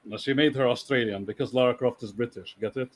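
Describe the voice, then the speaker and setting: A man's voice: medium pitch, steady tone, fast talker. A man in a casual podcast chat, explaining things sardonically.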